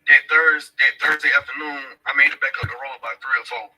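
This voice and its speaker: A man's voice: mid-range voice, fairly even intonation, a little fast, sharp tone, husky, far from the mic, rough recording. A man casually retelling events to camera in a blunt, profane, emphatic way. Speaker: father of a missing woman's child.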